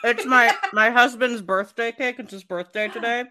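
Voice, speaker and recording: A woman co-hosting a podcast in casual chat, playful and quick to laugh and hum tunes. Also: a little high, fairly even intonation. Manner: playful, bursts into laughter and humming. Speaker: podcast co-host.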